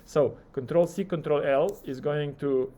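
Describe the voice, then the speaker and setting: A male lecturer teaching a live coding class, talking through each keystroke and acting out the software's replies. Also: on the high side, unhurried.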